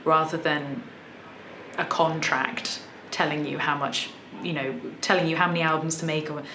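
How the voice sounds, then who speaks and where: A woman in her thirties with a southern English accent and a fairly low voice chats through a casual vlog. She talks thoughtfully and restarts her sentences here and there. The room gives her voice an echo, with a faint hiss behind it. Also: steady tone, normal speed. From south of England. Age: 30s. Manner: chatty, thoughtful, many small restarts. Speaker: musician vlogger.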